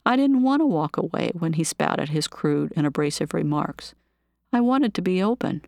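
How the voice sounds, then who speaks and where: Woman, memoir reading, nurse recalling patients, calm measured delivery, lowish voice, dry close sound. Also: creaky, dry recording. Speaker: nurse narrating her own story.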